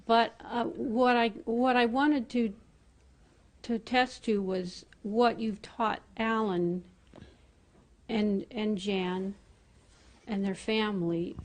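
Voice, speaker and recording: A woman from the congregation giving a personal testimony in a halting, hesitant way. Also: on the high side, steady tone. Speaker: congregation member.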